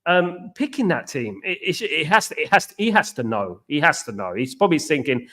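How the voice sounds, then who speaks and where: A man hosts a live football stream with a fairly high-pitched voice. He talks in quick, repetitive bursts and greets viewers by name between opinions. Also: very animated, pushed and bright. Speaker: watchalong host.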